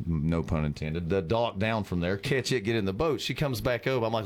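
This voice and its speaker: Low-voiced storyteller man. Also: fairly quick. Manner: laid-back, chuckling storyteller. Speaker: guest, fishing dad. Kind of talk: casual radio chat and storytelling.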